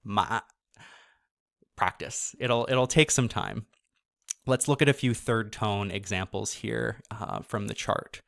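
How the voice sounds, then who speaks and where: A man teaching a course, explaining pronunciation casually and sounding each syllable out slowly. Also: on the low side, steady tone, creaky, a bit bright. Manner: casual, with fillers and self-corrections. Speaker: course instructor. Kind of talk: slow explanatory lesson.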